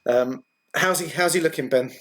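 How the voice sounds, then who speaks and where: A man narrating as game master of a tabletop role-playing game, halting with many ums and frequent laughs. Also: a little high, fairly bright tone.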